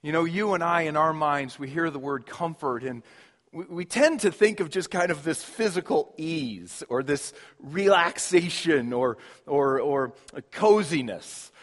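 A man's voice: a little high, expressive, measured pace. A man preaching a sermon, earnest and emphatic, repeating key words. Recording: long reverb of a large hall.

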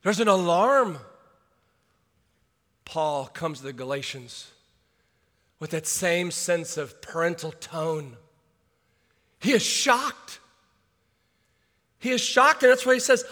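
A man's voice: high-pitched, expressive, takes it slowly, long pauses. Man preaching in a ringing hall. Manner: swings from hushed to shouting. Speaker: pastor. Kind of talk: sermon. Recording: long hall reverb.

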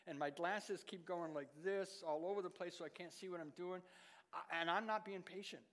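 A middle-aged man preaches in a voice pitched above the usual male range. He moves between forceful, emphatic stretches and quiet, dropped-down asides. His words ring out with a long reverb, as in a large church hall. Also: moderate pace. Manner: shifts between loud emphatic lines and hushed, low asides. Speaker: pastor. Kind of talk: sermon.

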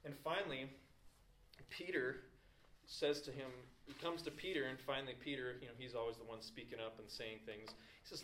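A man preaching a sermon as a pastor, retelling a story with lively acted-out questions and pauses. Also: mid-range voice. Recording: roomy echo with faint ambient noise.

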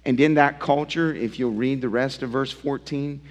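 A male pastor preaching a sermon, emphatic and swinging from loud to hushed, often asking his listeners direct questions. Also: medium pitch, fairly even intonation, moderate pace. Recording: long reverb of a large hall.

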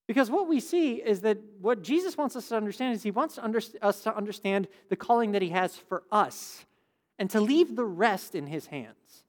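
Man preaching conversationally in an echoing hall. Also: high voice. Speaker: pastor. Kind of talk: sermon.

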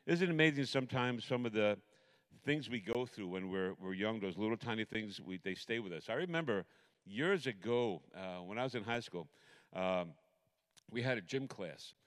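Animated middle-aged male preacher. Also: lowish voice, normal speed. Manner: animated, rambling storyteller with many restarts. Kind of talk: storytelling sermon.

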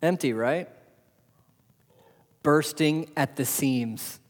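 A man preaching a sermon as pastor, asking rhetorical questions and swinging between loud and soft. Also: fairly high pitch, very slow. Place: church hall. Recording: long hall reverb.

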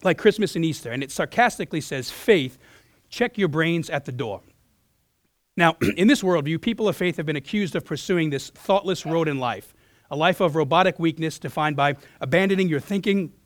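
A male pastor preaches an earnest sermon in a slightly high voice, hoarse as he fights a lost voice. He restarts phrases and clears his throat often. The recording sounds dry and close. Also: a little fast, dry recording. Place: church.

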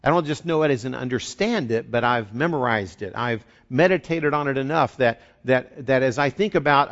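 A man's voice: medium pitch, moderate pace, hardly any pauses, a bit bright. A man preaching a sermon as a pastor in an earnest, conversational way, often restarting and repeating words. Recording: dull lo-fi recording.

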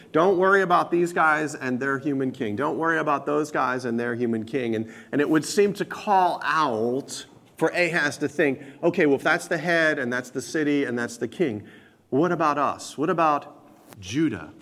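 A man preaching a sermon, earnestly explaining scripture and slowing down and growing louder when he quotes it. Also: on the high side.

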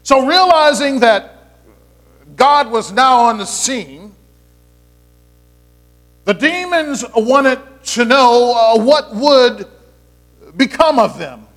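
Male pastor, high-pitched, chatty sermon delivery with restarts. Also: expressive, slow pace, pauses often, fairly bright tone. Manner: conversational preaching with playful asides and repeated restarts.

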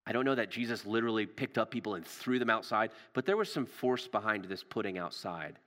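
A male pastor preaching a sermon in a storytelling way, rising for drama and dropping low and soft for tender moments. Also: lively intonation, fairly quick, big-room sound.

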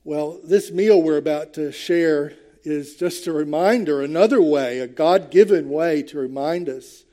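A man's voice: a little high, warm tone. An older man preaching a sermon to his congregation in church, earnest and conversational, with hesitant fillers. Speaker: pastor.

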